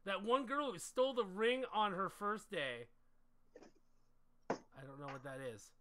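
A man streaming a card game with friends, reading cards aloud, swearing and laughing loudly. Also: sits high, big pitch swings, measured pace. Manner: loud, laughing, swears a lot. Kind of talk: casual game chat.

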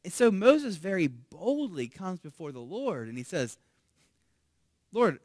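A man pastor preaching a sermon conversationally, often asking "right?". He grows loud and animated when voicing pleas and drops to a hush on key words. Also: sits high, measured pace, no room sound.

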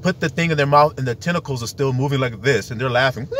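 A man's voice: mid-range voice, a bit bright, slight background noise. A man preaching in an emphatic, rambling monologue, full of rhetorical questions.

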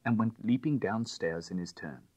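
A man narrates a classic tale with measured, expressive reading. His lowish voice is husky, and it moves widely in pitch. The recording is dry and close. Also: no room sound. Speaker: audiobook narrator.

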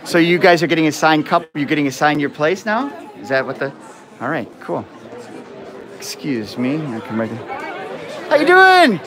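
Chatty joking guy with a high voice livestreaming a school dance, lots of crowd noise. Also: moderate pace. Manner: upbeat, joking, often apologizing. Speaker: event host live streaming. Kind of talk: roving live-stream chat with students. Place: school gym with a crowd, indoors.

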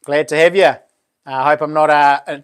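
A laid-back New Zealand man with a somewhat high-pitched voice hosts a live stream. He reads out viewer comments and greets everyone as bro or brother in an easygoing, chatty way. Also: steady tone, fairly quick, clear, resonant tone.

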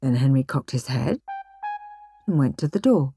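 Woman reading a kids bedtime story, expressive, music playing under her. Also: extremely low pitch, normal speed, gravelly.

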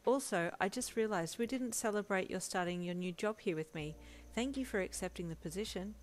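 A woman voicing a cheerful, bashful young male hero who talks softly and eagerly, in a storybook reading. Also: medium pitch, a little fast, natural voice. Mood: friendly. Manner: soft, eager and sweet.

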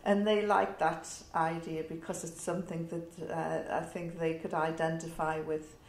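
A middle-aged woman with a northern English accent tells a personal story in a reflective, wry way, with pauses and fillers. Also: deep voice, little pitch movement. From north of England. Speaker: interviewee. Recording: roomy echo.

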